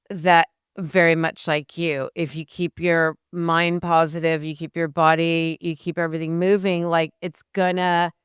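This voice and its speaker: A woman hosting an interview, chatty with animated asides. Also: fairly low pitch, clear, resonant tone, no echo, studio quality. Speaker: host. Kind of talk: interview conversation.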